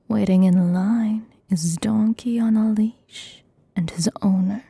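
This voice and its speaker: A woman whispers through an ASMR script reading with giggly asides. Her voice is very breathy and mellow, with a gravelly edge, and the sound is dry and close. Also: mid-range voice, unhurried, dry recording. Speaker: ASMR streamer.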